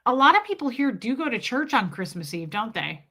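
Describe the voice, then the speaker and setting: A woman's voice: on the high side, very animated, fairly quick, sharp tone. A middle-aged woman hosting a casual live stream, chatty and laughing as she reads viewer comments aloud. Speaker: livestream host reading chat.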